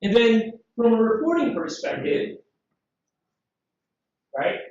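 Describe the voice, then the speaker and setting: Lively man presenting in an echoey hall. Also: very high-pitched, takes it slowly. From Southeast Asia. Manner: lively, rhetorical questions, jokey asides. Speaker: conference presenter. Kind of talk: live software demo talk. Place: conference room. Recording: very echoey, distant, dull hall sound.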